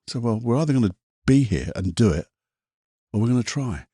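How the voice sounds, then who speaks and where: A man's voice: mid-range voice, lively intonation, a little fast, warm tone, breathy edge, dry recording, clean studio sound. A man hosting a podcast as a hypnotherapist, talking in a passionate, casual motivational monologue, swearing now and then and repeating himself.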